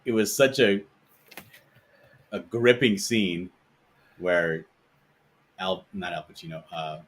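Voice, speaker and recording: A man hosting a casual podcast chat, telling stories in a rambling, animated way. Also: low voice, takes it slowly, slightly rough.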